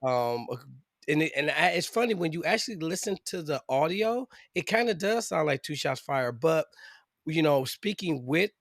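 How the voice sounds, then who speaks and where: A man's voice: fairly high pitch, animated, moderate pace, no room sound, clean studio sound. A man co-hosting a casual true-crime podcast, rambling and restarting as he lays out a case. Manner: rambling, full of fillers and restarts. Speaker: podcast co-host.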